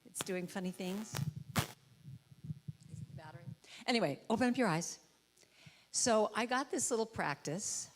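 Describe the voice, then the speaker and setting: A woman speaking at a church service, giving a playful inspirational talk and acting out quotes in high, comic voices. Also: expressive, normal speed, pauses often. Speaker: guest speaker and musician. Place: church sanctuary. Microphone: handheld or headset mic with trouble.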